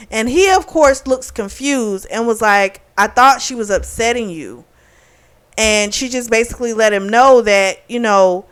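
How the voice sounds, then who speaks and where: A woman's voice: mid-range voice, a bit bright. A woman hosting a book club channel, casually recapping a novel and acting out the characters' lines with frequent fillers. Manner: chatty, retells scenes with quoted dialogue and laughs.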